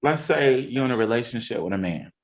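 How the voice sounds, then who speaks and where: A man's voice: mid-range voice, lively intonation, brisk. A man hosting a casual podcast chat, talking earnestly and repeating phrases for emphasis. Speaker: podcast host and counselor.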